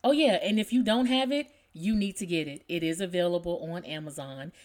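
A woman hosting her own podcast, with a somewhat low voice. She talks with upbeat enthusiasm, then reads a poem aloud. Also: a little fast, a little mellow. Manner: enthusiastic, promotional. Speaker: podcast host and author. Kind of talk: podcast talk and poem reading.

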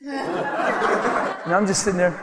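Animated preacher in an echoing hall. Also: male voice, on the high side, moderate pace, heavy background noise. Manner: animated, laughing often, acts out quoted voices. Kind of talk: sermon with storytelling.

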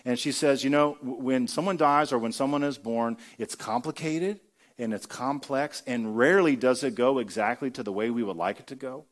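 Man, pastor, conversational sermon, rhetorical questions, mid-pitched voice. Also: normal speed.

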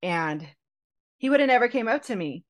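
A woman co-hosting a podcast, telling a personal story in an animated, chatty way with frequent laughter. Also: fairly high pitch, moderate pace. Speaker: podcast co-host telling her proposal story. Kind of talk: casual storytelling chat.

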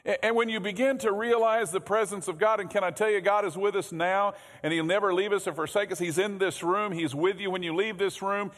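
A man's voice: sits high, fairly even intonation, fairly quick, few pauses, a bit bright. A man preaching a sermon as pastor in a church, conversational, often repeating words and asking the congregation questions. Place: church sanctuary. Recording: long hall reverb.

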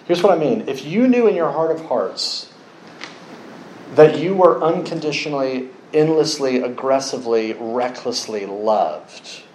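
A man preaching a sermon, telling a story with lively acted-out quotes. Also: medium pitch, unhurried, echoey room, a little hiss or hum, poor audio. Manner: animated storytelling, acts out quoted voices.

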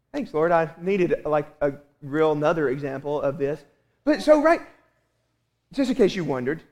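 A man in his thirties preaching a sermon as pastor, telling a family story with lively, animated asides. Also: high voice. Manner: animated storytelling, acts out his own exasperation.

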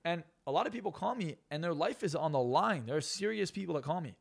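A man's voice: a little high, expressive, quick pace, creaky, husky. A man who is a hypnotist and coach, guest on a podcast interview, talking bluntly and profanely with lots of emphasis.

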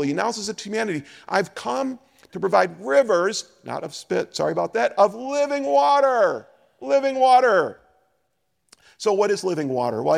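A man preaching a sermon as a pastor, animated and acting out scripture dialogue. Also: high-pitched, gravelly, in a large hall.

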